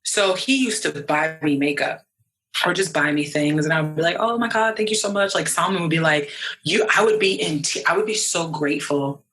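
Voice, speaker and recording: A young New York woman guests on a podcast, speaking with a deep, fairly quick and fairly bright voice on a rough recording. She talks animatedly in the casual interview, acting out the voices of people she quotes.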